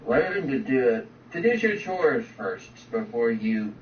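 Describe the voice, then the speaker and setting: A man's voice: mid-range voice, big pitch swings, a little slow. A man co-hosting a casual chat, rambling and agreeable, often restarting his sentences. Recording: roomy, distant, dull lo-fi with faint noise.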